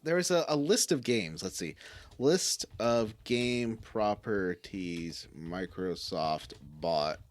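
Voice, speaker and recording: Lively-voiced man rambling on a podcast. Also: on the low side, takes it slowly. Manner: rambling, enthusiastic, restarts. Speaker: podcast co-host. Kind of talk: casual podcast chat.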